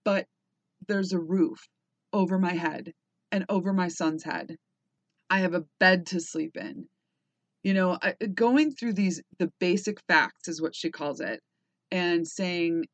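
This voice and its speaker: A woman's voice: lowish voice, measured pace, no room sound, dull audio. A woman in her thirties or forties hosting a personal podcast, talking candidly, swearing freely and rambling with restarts. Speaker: podcast host.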